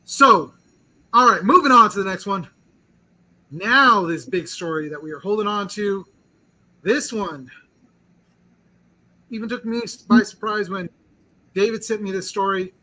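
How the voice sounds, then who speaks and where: High, very bright male podcast host. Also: unhurried, pauses often, poor audio. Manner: eager, rambling, heavy use of "like". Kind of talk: casual chat.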